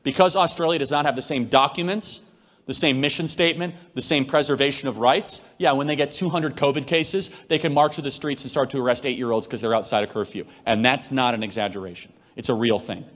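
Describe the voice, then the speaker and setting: A man speaks at a brisk clip, driving each point home with emphasis. His delivery has the cadence of a preacher addressing a crowd. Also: medium pitch, a bit bright. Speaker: event host answering audience. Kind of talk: political speech to a live audience.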